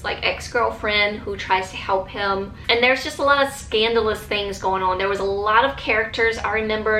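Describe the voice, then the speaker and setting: Bright-voiced chatty woman in an echoey room. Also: mid-range voice, a little hiss or hum. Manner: enthusiastic, chatty, many fillers and restarts. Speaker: book vlogger. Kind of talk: casual chat.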